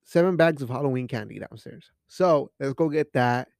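A man runs a casual solo podcast, joking and rambling with lots of profanity and Spanish phrases while drinking beer. His mid-range voice has vocal fry and a darkish tone at normal speed. The clean studio recording carries no echo.

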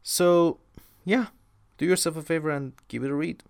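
A man's voice: fairly high pitch, normal speed, gravelly, clean tone, no echo, clean studio sound. A young man hosting a casual solo podcast, talking with enthusiasm and rambling, repeating words for emphasis. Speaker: podcast host.

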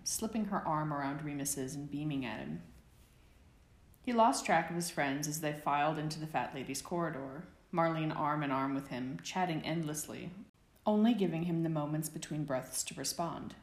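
Casting: woman narrator, deep voice, echoey room, steady audiobook read. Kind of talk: fan fiction reading.

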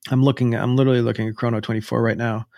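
A man's voice: mid-range voice, flat delivery, gravelly, a little mellow, no echo, studio quality. A man co-hosting a podcast in casual chat, rambling with frequent restarts. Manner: rambling, restarts often, drawn-out phrases. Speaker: podcast co-host.

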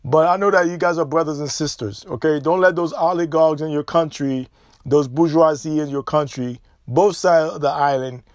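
A man preaches on his podcast in a high, raised voice. He hammers each point with emphatic repetition. The sound is dry and close, with no room around it. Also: normal speed, dry recording. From Haiti. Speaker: podcast host.

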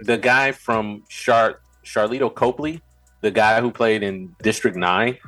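Low-voiced man chatting casually. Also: steady tone, a bit bright, soft background music. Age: adult, veteran back in school. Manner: halting, repeats words when starting a thought. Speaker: podcast co-host. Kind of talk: casual podcast chat.

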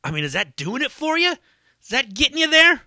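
A man's voice: extremely high pitch, sing-song, a little fast, sharp tone, slight background noise. A man hosting a solo podcast in a casual, rambling, profane way with lots of fillers. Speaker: podcast host.

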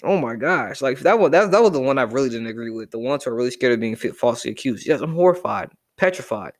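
A young man ranting casually to camera, animated and profane as he reacts to a list. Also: medium pitch, fast talker. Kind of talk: casual rant.

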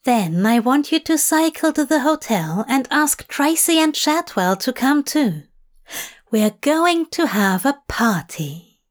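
A woman reading a fan story voices a prim, fussy gentleman who speaks sweetly and coaxes his partner along. His lines come out lifted in pitch and unhurried. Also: big pitch swings, full character voice. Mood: coaxing. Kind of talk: fan fiction audiobook reading.

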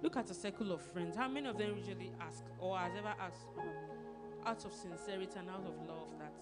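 A woman's voice: mid-range voice, a little fast. A woman pastor with a Nigerian accent, preaching in a conversational way, often asking "do you understand?" and laughing. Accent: Nigerian English. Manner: animated, asks the audience questions, laughs often. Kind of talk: conversational sermon. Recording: music playing behind her.

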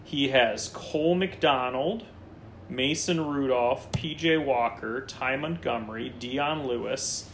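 A man with an ordinary mid-range voice hosts a casual fantasy football chat. He reads out player lists in quick runs and drops jokes between them. A faint hiss sits under the recording. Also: mid-range voice, a bit bright. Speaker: fantasy football podcast host.

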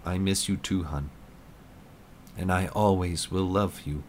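A man voicing the calm, loving spirit of a dead soldier, speaking gently. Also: low voice, a little slow, a little hiss or hum. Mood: gentle.

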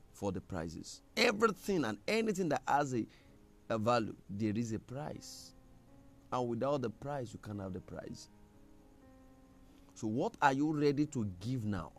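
A man preaching a sermon, emphatic, with a gravelly voice. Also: medium pitch. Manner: emphatic, rising to loud scripture reading.

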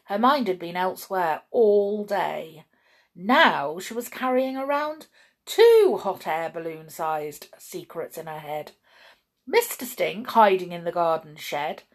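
A woman reads a storybook aloud at an unhurried pace. Her pitch rises and falls expressively, and she drops in chatty asides to her listeners between passages. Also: big pitch swings. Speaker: storyteller reading a book aloud.

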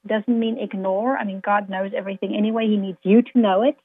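A woman's voice: medium pitch, steady tone, a little fast, breathy edge. A woman guest speaker talking earnestly in a faith-based interview, quoting scripture to motivate listeners. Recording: tinny phone-like line.

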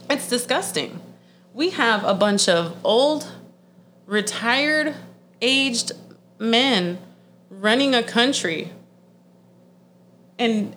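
A woman's voice: on the high side, fairly bright tone, a little hiss or hum. A woman in her thirties ranting in a blunt, profane, exasperated way, speeding up in heated bursts. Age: 30s. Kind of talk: ranting monologue.

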